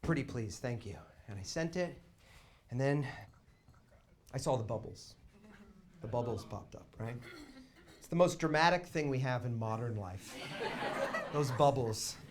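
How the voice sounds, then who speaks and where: A man's voice: medium pitch, animated, unhurried, pauses often. A man on a small theater stage telling a long comic story in a wry, conversational way with dry asides. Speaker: stand-up storyteller.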